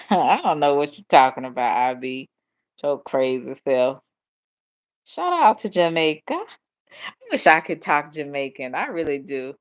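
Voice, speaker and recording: A woman's voice: low voice, animated, a little slow. A sleepy woman with a Southern accent, chatting late at night on a livestream and answering comments with a lazy drawl and frequent laughs. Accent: Southern US, Dallas. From Tennessee. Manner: drowsy, drawling, laughs often. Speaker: livestream host. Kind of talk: late-night casual chat reading comments. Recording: dull lo-fi stream audio.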